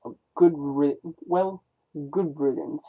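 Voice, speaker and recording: A gruff, blunt older robot medic grumbles his way through a conversation, read by a man. He talks slowly in a slightly high voice. Everything sounds thin, as if heard over a phone line.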